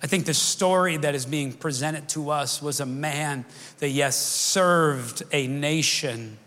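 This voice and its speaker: A man's voice: a little high, takes it slowly, a bit bright. A middle-aged man preaching a sermon as pastor, speaking conversationally, wandering off track and restarting his sentences. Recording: long reverb of a large hall.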